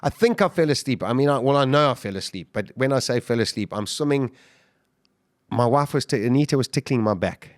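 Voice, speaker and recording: A man's voice: medium pitch, brisk, dry recording. Male podcast guest, mid-range voice, dramatic storyteller who surges with emphasis, dry close recording. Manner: animated, with frequent restarts and sudden surges of emphasis. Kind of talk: dramatic first-person storytelling.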